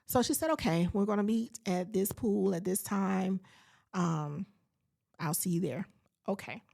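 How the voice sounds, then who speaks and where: Gravelly-voiced woman telling her story. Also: medium pitch, measured pace. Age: late 40s. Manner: animated storyteller who acts out her own reactions; faith-filled, preacherly asides. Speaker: podcast host. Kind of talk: personal storytelling podcast.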